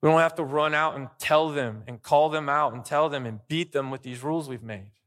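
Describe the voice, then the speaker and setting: A man's voice: on the high side, a little fast, a bit bright. A pastor preaching a sermon, stressing his points with repeated lists. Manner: emphatic preaching with list-like repetition.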